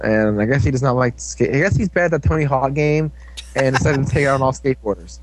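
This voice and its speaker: A fast-talking young man with a medium-pitched voice recaps a show episode as a podcast co-host. His delivery is casual, rambling and jokey, and he keeps switching into silly character voices.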